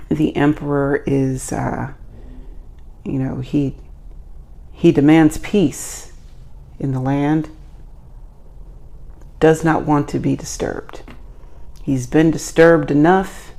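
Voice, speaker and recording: A woman's voice: sits low, vocal fry, dark tone. A woman hosting her own channel, giving a casual tarot reading in a playful, chatty way with self-joking asides. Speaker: tarot reader and channel host.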